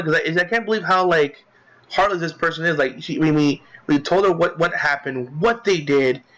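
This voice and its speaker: A man's voice: fairly high pitch, a bit bright, low-quality recording. Rambling young man commenting on a game. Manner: rambling, many fillers and restarts; indignant about a character. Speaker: let's play commentator.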